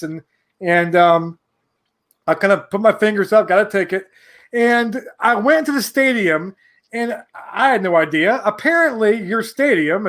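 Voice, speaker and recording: Rambling man telling a story. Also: sits high. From New York. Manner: animated, rambling anecdote with many restarts. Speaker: podcast guest. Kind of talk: casual storytelling.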